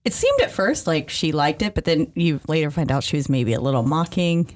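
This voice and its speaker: A woman co-hosting a podcast in casual chat, talking quickly and laughing often as she acts out lines. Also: deep voice, sing-song, a little mellow. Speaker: podcast co-host. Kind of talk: casual chat reviewing a film.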